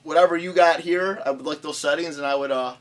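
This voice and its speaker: A man's voice: on the high side, fairly even intonation, fast talker. A man, a guest musician, chatting candidly and a bit rambling in a small studio room. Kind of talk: casual chat.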